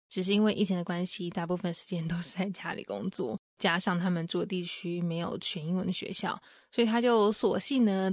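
A woman calmly narrating a recap of the interview. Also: fairly low pitch, no room sound, clean studio sound.

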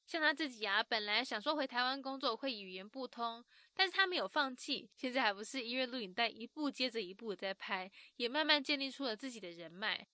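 Bright, high-voiced host. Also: female voice, a little fast, hardly any pauses, no room sound, studio quality. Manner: lively storytelling with English words mixed in. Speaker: host and narrator. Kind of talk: bright scripted narration.

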